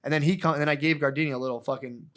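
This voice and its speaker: A man's voice: a little high, steady tone, very fast, fairly bright tone. A man co-hosting a podcast, telling a long, rambling story in casual chat, full of swearing and acted-out quotes. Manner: rambling, profane, acts out quotes. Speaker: podcast co-host.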